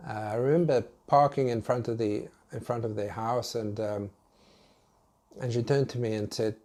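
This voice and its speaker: A man's voice: medium pitch, steady tone, darkish tone. A British man telling a personal story to camera in a casual, hesitant way, often restarting his sentences. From United Kingdom. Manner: hesitant, halting, with many restarts. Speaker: vlogger.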